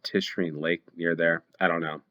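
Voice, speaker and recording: A man's voice: low-pitched, flat delivery, moderate pace, sharp tone. An American man hosting a play-along geography game, thinking aloud with hesitant ums as he weighs each guess. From United States. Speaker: game show host. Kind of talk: play-along gameplay commentary.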